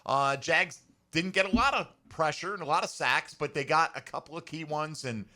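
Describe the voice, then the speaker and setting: A man hosting a sports talk radio show, chatty and animated. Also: on the high side, moderate pace.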